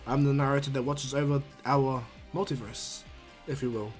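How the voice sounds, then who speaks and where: A man voicing a calm, proud, all-powerful male overseer of the multiverse in a fan-made anime story, speaking low and gently. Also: normal speed, faint music behind, lightly acted. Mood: calm, kindly.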